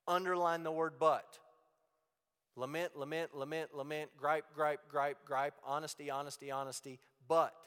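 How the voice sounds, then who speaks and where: A man teaching from the Bible in a plain-spoken, emphatic way, hitting key words hard and dropping low for asides. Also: moderate pace, clean tone. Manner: plain-spoken and emphatic, with sudden loud stresses and quiet asides. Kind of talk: sermon-style Bible teaching. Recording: long reverb of a large hall.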